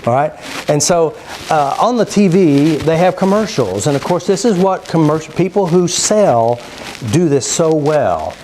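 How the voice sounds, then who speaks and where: A man's voice: fairly high pitch, a little slow, slight background noise. A middle-aged man from Oklahoma giving a live seminar talk, telling stories, asking the audience questions and acting out what people say. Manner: animated storyteller, asks the audience questions, acts out quotes. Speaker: seminar speaker.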